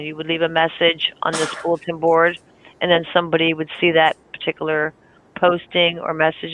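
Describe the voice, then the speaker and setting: Raspy warm woman on a tinny line. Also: low-pitched. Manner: chatty, laughs often. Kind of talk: casual group voice chat.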